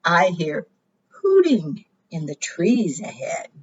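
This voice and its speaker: A woman voicing a big, hungry, slow-witted monster in a storybook read-aloud, gruff and slow. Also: on the low side, huge pitch swings, darkish tone, dull audio, exaggerated voice. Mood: wary.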